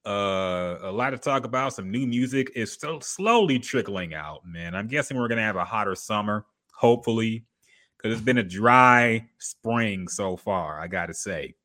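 Low, bright-voiced laid-back man. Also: lively intonation, moderate pace. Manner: laid-back, profane, slangy banter. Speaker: podcast co-host. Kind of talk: casual podcast chat.

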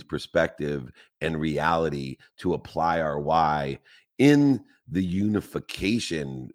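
A man with a very low, deep voice delivers a motivational talk. He builds long repetitive lists and drives them home with emphatic rhetorical questions. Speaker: motivational speaker.

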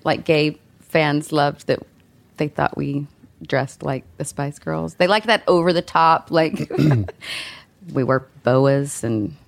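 Candid woman with a lowish voice. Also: takes it slowly, creaky. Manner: candid, laughs often. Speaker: guest musician. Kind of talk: casual interview chat.

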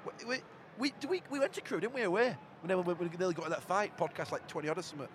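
Man, podcast co-host, excitable, laughs easily, fast and animated. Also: sits high, noisy background. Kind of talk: casual live match chat.

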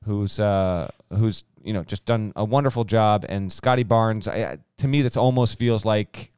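A man's voice: lowish voice, moderate pace, a little mellow, clean tone, dry recording. Man, podcast co-host, casual betting chat, stat-heavy, resonant voice, dry sound. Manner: chatty, stat-heavy, restarts sentences.

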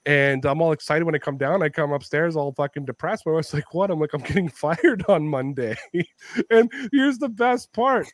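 A man hosting a podcast, telling stories in a lively, profane way and often laughing. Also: fairly high pitch, moderate pace, no room sound, studio quality. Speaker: podcast host. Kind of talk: casual storytelling chat.

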